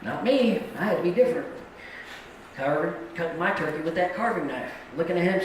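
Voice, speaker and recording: A man's voice: fairly high pitch, expressive, brisk, very echoey, slight background noise, low-quality recording. A middle-aged man doing a live stand-up set on a comedy club stage, telling stories in a plain-spoken, folksy way.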